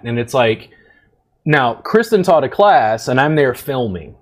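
A man's voice: medium pitch, very animated, a little slow. A man in his forties hosting a podcast, talking bluntly and matter-of-factly, acting out the people he quotes. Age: 40s. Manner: blunt, matter-of-fact, acts out quoted voices. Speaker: podcast host and massage instructor. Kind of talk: casual podcast chat.

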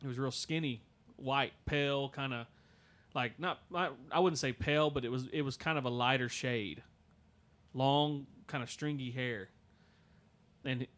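A man hosting a podcast, telling a story in a casual, halting way with many fillers and restarts. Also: mid-range voice, a bit bright. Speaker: podcast host.

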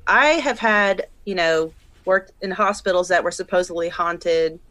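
A woman's voice: on the low side, steady tone, unhurried, a bit bright, no echo. A woman who has worked in hospitals, chatting animatedly with some hesitant restarts. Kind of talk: casual chat.

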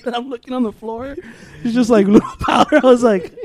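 A man's voice: high voice, fairly quick, no echo. Profane storytelling young man, dry sound. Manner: profane, animated storytelling with acted quotes. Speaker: podcast co-host. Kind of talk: casual chat.

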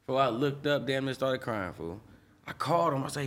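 A young man who produces music, speaking in a loose, heartfelt, slang-heavy flow during an interview. His voice sits at an ordinary middle pitch, and he circles back on himself with repeated fillers as he works through his thoughts. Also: animated, normal speed, a bit bright. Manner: rambling, emotional, peppers speech with slang fillers. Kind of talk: casual interview talk.

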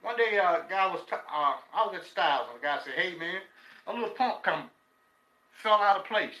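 A man's voice: high-pitched, animated, a little fast, bright, forceful tone, reverberant, a little hiss or hum, rough recording. Profane older man telling stories. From Texas. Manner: profane, laughing storyteller. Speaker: guest, former prisoner. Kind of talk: casual storytelling.

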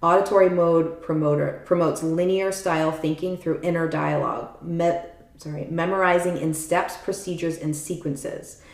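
A woman's voice: on the low side, fairly even intonation, moderate pace, reverberant. A woman co-hosting a podcast, explaining things in casual chat, often saying "like" and checking that her listener follows. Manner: chatty, leans on "like" and frequent check-ins. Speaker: podcast co-host explaining a topic. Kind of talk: casual explanatory chat, reading passages aloud.

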